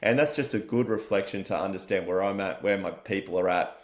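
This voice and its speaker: Speaking as a guest, this Australian wellness company founder keeps things lively and friendly, tossing in casual swearing. His pitch is low and his delivery brisk.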